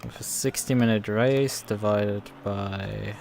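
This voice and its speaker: A man streaming a sim race, thinking aloud in a halting, self-correcting way with a German accent. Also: on the low side, steady tone, gravelly, darkish tone, a little hiss or hum. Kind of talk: casual live-stream commentary.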